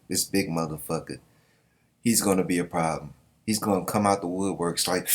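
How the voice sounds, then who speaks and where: Low-voiced, profane reaction host. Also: male voice, a little slow. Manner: profane, joking, reads panels aloud in put-on voices. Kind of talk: casual reaction commentary.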